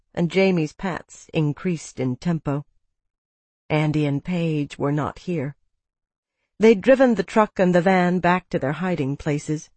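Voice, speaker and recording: A narrator reads a first-person story in a quiet, somber way. The voice sits at a middle pitch. It is recorded close and dry, with no room sound. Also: no room sound. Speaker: audiobook narrator.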